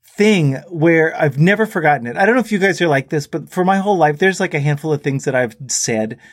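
A man's voice: a little high, fairly quick, dry recording, studio quality. A middle-aged man, a musician guest, telling anecdotes in casual chat and often laughing as he talks. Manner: animated storyteller who laughs often.

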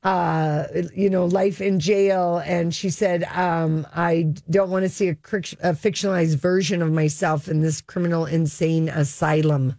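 A woman's voice: lowish voice, fairly even intonation, a little slow, hardly any pauses, dark tone, dry recording. A woman co-hosting a casual entertainment chat show, talking in a chatty way and often restarting her sentences. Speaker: co-host.

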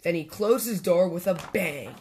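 A woman hosting a storytime channel, reading a children's picture book aloud with gentle expression. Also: on the low side, normal speed, a little hiss or hum. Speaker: storytime host and reader.

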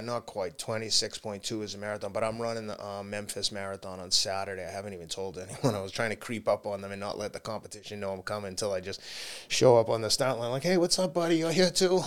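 A man's voice: sits low, pushed and bright, smooth. A man, a marathon runner talking candidly as a podcast guest, laughing often. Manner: candid, laughs often, slips into quoted voices. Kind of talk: casual interview talk.

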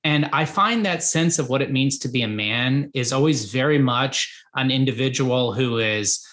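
A man's voice: medium pitch, normal speed, a bit bright. Rambling male podcast host. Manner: rambling questions with many fillers. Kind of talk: conversational interview.

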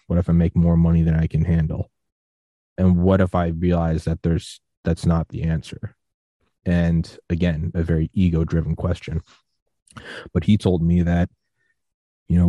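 A young man hosts a podcast in a low, mellow voice, chatting loosely and drifting into long stories. He acts out the people he quotes and then falls back into easy conversation. The sound is close and dry. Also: moderate pace, dry recording. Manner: rambling storyteller, quotes others in animated voices. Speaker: podcast host. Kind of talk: casual interview chat.

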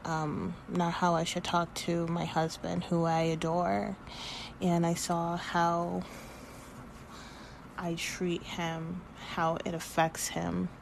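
A woman's voice: lowish voice, completely flat delivery, takes it slowly, gravelly, slight background noise. A woman in her thirties hosting her own podcast, talking candidly and emotionally, rambling and swearing freely, close to tears. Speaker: podcast host. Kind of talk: casual spiritual podcast monologue.

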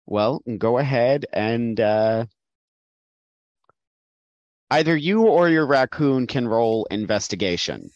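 A man's voice: mid-range voice, animated, slow, long pauses, darkish tone, dry recording, dull audio. A man running a tabletop game as game master, patiently explaining the rules and narrating the scene.

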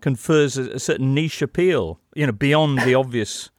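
A man's voice: medium pitch, moderate pace, dry recording. A man hosting a football podcast, steering the chat with wry, theatrical phrasing. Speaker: podcast host.

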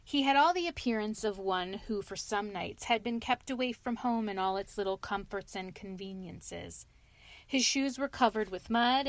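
A woman's voice: on the high side, no echo. Woman reading a storybook aloud, dry close sound. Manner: expressive reading with occasional slips. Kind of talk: reading a children's classic aloud.

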